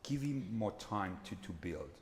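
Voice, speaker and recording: Earnest conductor coaching singers in a hall. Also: male voice, lowish voice, expressive, unhurried. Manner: earnest, repetitive coaching with frequent tag questions. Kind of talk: master class coaching. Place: concert hall. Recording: hall reverb with faint background noise.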